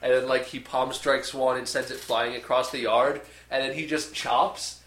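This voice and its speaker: A man's voice: medium pitch, flat delivery, normal speed, fairly bright tone, slight background noise. A young man in casual chat, retelling a movie with lots of fillers and acted-out bits. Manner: rambling, filler-heavy, acts out scenes. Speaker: podcast co-host. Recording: echoey room.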